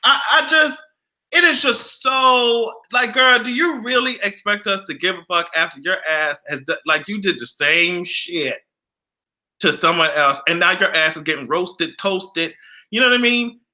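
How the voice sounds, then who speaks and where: A man's voice: high voice, measured pace. Sassy, profane gossip vlogger man. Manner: blunt, profane, sassy and animated. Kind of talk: casual celebrity gossip commentary.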